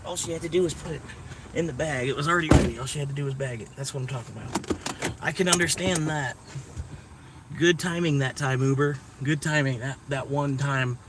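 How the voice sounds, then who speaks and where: A man in a car rambles casually to his live audience, chuckling between thoughts as he drives deliveries. His voice sits back from the mic, and steady road and engine noise fills the background. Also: medium pitch, brisk, distant mic. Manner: rambling, chuckles often, talks to chat and himself. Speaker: delivery driver streaming a ride-along. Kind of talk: rambling live-stream chat. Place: inside a car while driving.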